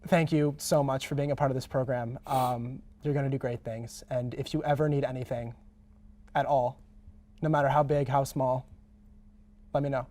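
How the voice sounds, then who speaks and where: A man's voice: medium pitch, fairly even intonation, moderate pace, warm tone. A young man, a show's producer, speaking earnestly and playfully in a studio. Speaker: executive producer. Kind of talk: casual talk show.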